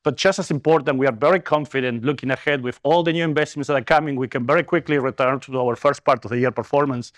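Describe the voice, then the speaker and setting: A man's voice: medium pitch, fairly even intonation, fast, few pauses, dry recording. A man with a Latin American accent presenting at a business conference, earnest and upbeat, with fillers and self-corrections. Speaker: company executive presenter.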